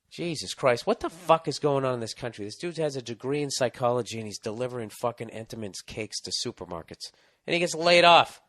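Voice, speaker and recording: A man's voice: mid-range voice, fairly bright tone. A middle-aged man with a Boston accent, hosting an advice podcast and reading out listener mail in a profane, ranting storytelling manner.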